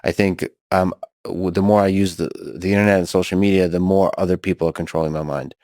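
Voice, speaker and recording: A man hosting a podcast conversation, reflective and halting, often restarting his sentences. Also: low-pitched, fairly even intonation, a little mellow, dry recording, studio quality. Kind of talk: casual discussion.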